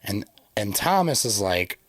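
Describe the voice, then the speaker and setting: A man's voice: fairly low pitch, very animated, unhurried, a crowd in the background. A man co-hosting a casual podcast, reading scripture passages aloud and then musing and joking about them. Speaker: podcast co-host. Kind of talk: casual religious discussion podcast.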